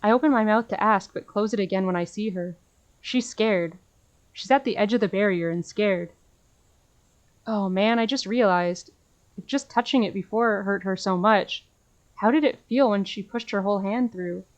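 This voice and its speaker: A woman's voice: mid-range voice, moderate pace, highs cut off. A woman streamer reading a visual novel aloud in an earnest, emotional way, breaking off to gush at the screen.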